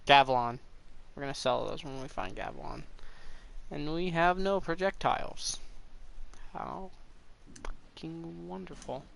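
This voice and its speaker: A man's voice: on the high side, unhurried, creaky, long pauses, a bit bright. A young man giving casual, rambling commentary as he plays a game, cursing at it now and then. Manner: rambling, swears at the game, breaks into frustrated outbursts. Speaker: gameplay commentator. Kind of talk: casual let's play commentary.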